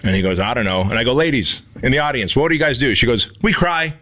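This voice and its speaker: A man co-hosting a podcast, telling stories in an animated, profane way and acting out the quotes in them. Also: medium pitch, racing. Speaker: podcast co-host and instructor. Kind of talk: casual podcast conversation.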